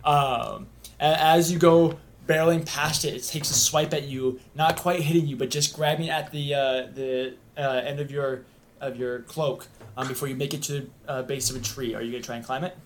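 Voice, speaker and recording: A man's voice: medium pitch, fairly even intonation, moderate pace, a little hiss or hum. A man running a tabletop game as game master, narrating in a rambling way with many ums and uhs.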